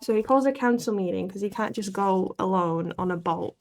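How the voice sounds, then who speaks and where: A woman's voice: medium pitch, fairly quick, a little mellow. A woman vlogger casually summarizing a book, rambling and self-deprecating, laughing often as she talks. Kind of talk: casual chat.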